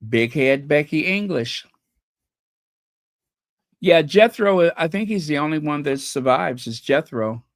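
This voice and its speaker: A gossipy livestream host talks slowly and unhurriedly, the pitch rising and falling a lot. The delivery is chatty and teasing, pausing to hunt for names. The sound is close and dry, with no room echo. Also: animated. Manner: chatty, gossipy, teasing, laughs at own jokes; trails off searching for names. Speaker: channel host. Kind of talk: casual livestream chat.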